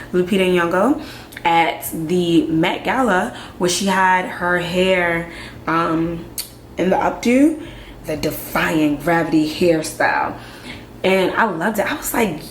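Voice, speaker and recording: Young woman from Nigeria, lowish voice, frank vlog commentary with quick asides, roomy sound. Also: slight background noise. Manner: frank, conversational, quick asides and rhetorical questions. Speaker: vlogger. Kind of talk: candid commentary to camera. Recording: echoey room with faint ambience.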